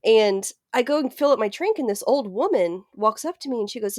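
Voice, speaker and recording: Thirties woman on a podcast, laughs a lot, swears, very up and down pitch, dry close sound. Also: lively intonation, brisk, few pauses, no room sound. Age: 30s. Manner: laughing storyteller, swears freely. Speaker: podcast co-host. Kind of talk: casual chat.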